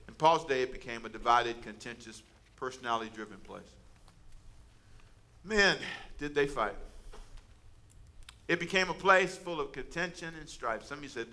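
Forceful, bright-voiced male pastor preaching. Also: medium pitch, lively intonation, normal speed, pauses often. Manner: conversational, humorous, calls out to the congregation. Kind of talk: sermon.

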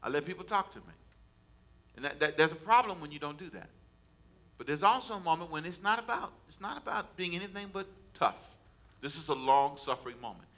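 A man's voice: on the high side, expressive, brisk, bright, forceful tone. A man preaching a sermon as pastor, folksy and colloquial, repeating phrases and calling on the congregation to answer back. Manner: call-and-response preaching, repeats phrases for emphasis.

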